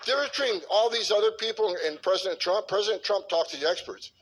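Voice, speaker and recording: A blunt, heated middle-aged man with a slightly raised pitch talks in a forceful way, stumbling and repeating himself as he pushes his point. A faint hiss of noise runs under the recording. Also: lively intonation, fairly quick, rough recording. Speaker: former border enforcement official. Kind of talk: clip of a talk or interview.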